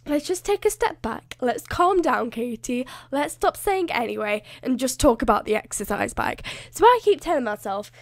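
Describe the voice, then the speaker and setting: A young woman rambling through a casual game voiceover, self-mocking and laughing often, her voice a little hoarse. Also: sits high, very animated, moderate pace, few pauses. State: voice slightly hoarse. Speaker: gaming YouTuber.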